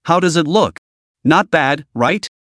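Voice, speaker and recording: A man's voice: a little high, expressive, a little slow, fairly bright tone, no room sound, studio quality. A man voicing a cheerful, joking young man. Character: cheerful carefree young man, playful joker.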